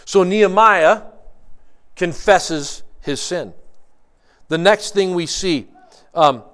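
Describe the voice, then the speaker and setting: A man preaching a sermon, earnest and emphatic, asking rhetorical questions and moving between quick bursts and slow, stressed phrases. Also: high voice. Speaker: pastor.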